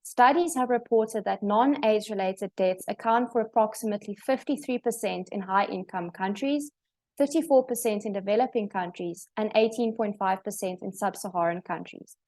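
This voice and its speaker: A woman's voice: mid-range voice, moderate pace. Young woman giving an academic talk. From South Africa. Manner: reads prepared slides, steady and formal with small restarts. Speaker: presenter. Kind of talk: academic presentation. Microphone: video call.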